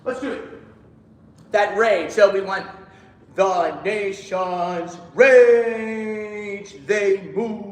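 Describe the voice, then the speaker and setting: A man's voice: sits high, steady tone, very slow, reverberant, rough recording. A man leading a choir rehearsal, coaching the singers, counting them in and singing short phrases to show them. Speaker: choir director. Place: rehearsal room.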